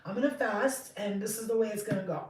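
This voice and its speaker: A woman in her thirties talks through a tarot reading in a loose, rambling way, swearing freely and getting excitable. Her voice sits at a middling pitch. It sounds roomy and set back from the microphone. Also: quick pace, far from the mic. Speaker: tarot reader. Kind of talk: casual tarot reading monologue.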